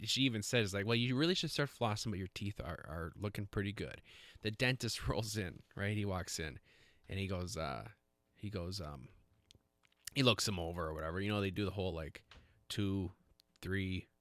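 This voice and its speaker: A man's voice: on the low side, fairly bright tone, no room sound. A man hosting a podcast, chatting casually in a rambling, self-deprecating way with lots of fillers and restarts. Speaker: podcast host. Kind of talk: casual chat.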